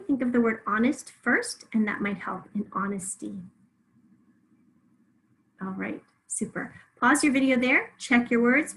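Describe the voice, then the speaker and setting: A woman teacher with a fairly high voice works through a spelling lesson. She speaks clearly and deliberately, stretching out syllables so each sound can be heard. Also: fairly bright tone, rough recording.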